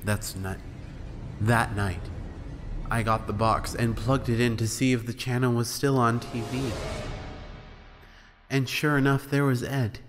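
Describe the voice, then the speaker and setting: A man's voice: medium pitch, long reverb tail, slight background noise. A man reading a creepypasta horror story aloud in a casual storytelling manner. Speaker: creepypasta narrator.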